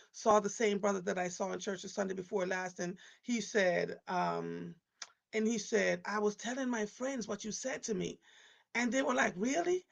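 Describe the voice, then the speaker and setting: A woman's voice: mid-range voice, vocal fry. A woman in her fifties hosting a live stream, chatting casually and rambling through stories with frequent restarts. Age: 50s. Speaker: live show host.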